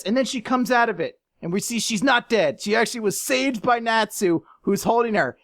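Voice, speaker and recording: A podcast co-host in casual chat, ranking a list, animated and sarcastic, breaking into shouted impressions. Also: medium pitch, fairly quick, few pauses.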